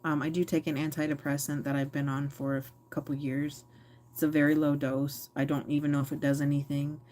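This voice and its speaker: A woman vlogger speaks to camera in a low, deep voice. She sounds reflective and rambling, often pausing and correcting herself. A faint background hum sits under her voice. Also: little pitch movement, dark tone. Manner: reflective, rambling, with frequent fillers and self-corrections. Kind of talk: candid personal talk to camera.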